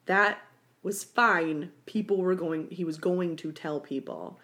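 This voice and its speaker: A woman's voice: on the low side, slow pace. A young woman co-hosting a casual chat, telling stories animatedly with lots of "like" and acted-out quotes. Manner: animated storyteller, many "like" fillers, acts out quotes.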